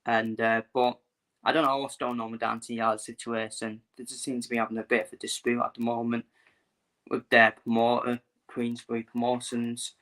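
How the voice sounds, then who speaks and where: Guy rambling to his stream viewers, flat-ish bright voice, keeps repeating himself. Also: medium pitch, moderate pace. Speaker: boxing vlogger. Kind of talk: casual live-stream commentary.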